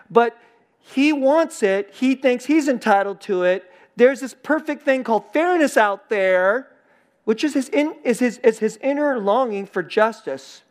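Conversational preacher, repeats phrases for emphasis. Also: mid-range voice. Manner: acts out short quoted lines in a changed voice. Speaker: pastor. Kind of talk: sermon.

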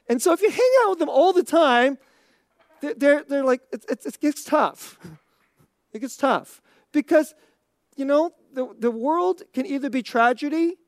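A woman's voice: high voice, a little mellow, no room sound, studio quality. A woman giving an informal Christian teaching talk, conversational and thinking aloud, chuckling often between points. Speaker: Christian speaker.

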